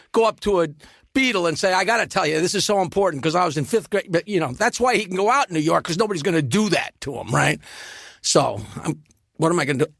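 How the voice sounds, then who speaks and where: A man telling comedy stories as a guest on a podcast, animated, with quick asides. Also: sits high, vocal fry, no room sound, clean studio sound. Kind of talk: casual storytelling.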